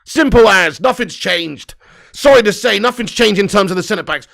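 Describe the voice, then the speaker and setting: Man, young, watch-along host, bright tense voice, profane ranting commentary. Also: high voice, expressive, moderate pace, creaky. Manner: swearing, ranting, exasperated.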